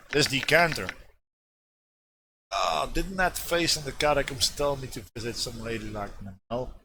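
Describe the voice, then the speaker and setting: A male streamer in casual gameplay commentary, rambling and joking as he reads game text aloud. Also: mid-range voice. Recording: steady background noise.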